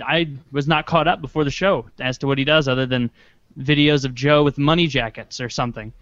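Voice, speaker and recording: A man's voice: medium pitch, steady tone, a little fast, fairly bright tone, no room sound. A man joking dryly on a podcast call from a room with a window behind him. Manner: dry, sarcastic. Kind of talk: casual podcast chat. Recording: dull, lo-fi call audio.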